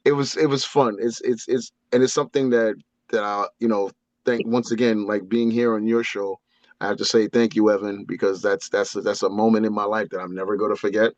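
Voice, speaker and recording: A man, a guest on a wrestling talk show, telling animated stories and breaking into impressions. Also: on the low side, brisk, no room sound, highs cut off. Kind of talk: casual storytelling.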